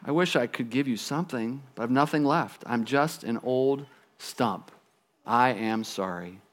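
A man voicing a gentle, loving female apple tree in a children's storybook read-aloud, coaxing and tender. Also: a little high, lively intonation, normal speed. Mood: sorrowful. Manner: eager and coaxing, sinking to soft sorrow.

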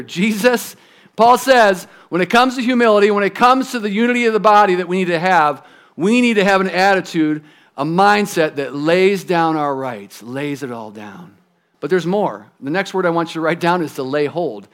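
Conversational male pastor preaching. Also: sits high. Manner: conversational, emphatic, drops to a hush on key phrases. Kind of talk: sermon.

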